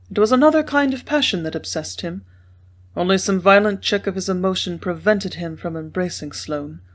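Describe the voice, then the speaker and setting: A woman narrating a classic Western novel in a measured reading style. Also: on the low side. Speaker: audiobook narrator. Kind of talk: scripted narration.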